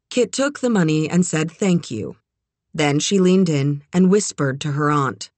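A woman narrating a novel in a measured, expressive way. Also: sits low, no echo. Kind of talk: audiobook narration.

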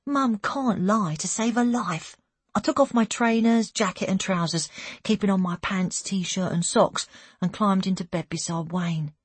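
A woman narrating an audiobook in the first person, steady and even, sometimes dropping to a hushed aside. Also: mid-range voice, measured pace, husky, dry recording.

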